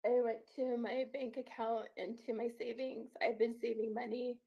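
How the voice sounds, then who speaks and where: High, gravelly woman on a lo-fi line. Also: level tone, moderate pace. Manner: tearful, earnest storytelling. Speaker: guest on a call-in show. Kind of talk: emotional first-person account.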